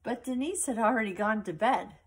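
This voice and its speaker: A woman reading a picture book aloud to a child, slowly and expressively, with little asides about the pictures. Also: fairly high pitch, slightly rough.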